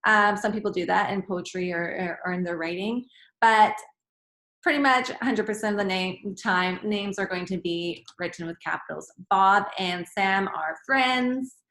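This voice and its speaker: An echoey room carries the voice of a woman teaching grammar to kids. Her pitch sits in the middle range, her pace is moderate, and she expressively performs sentences in different tones.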